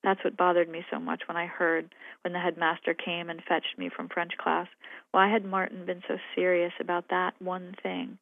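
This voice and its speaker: Woman novelist, thoughtful, hesitant, gravelly voice, dry narrow radio sound. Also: on the low side, level tone, normal speed, dry recording. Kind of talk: interview and reading from her novel. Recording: phone-like radio line.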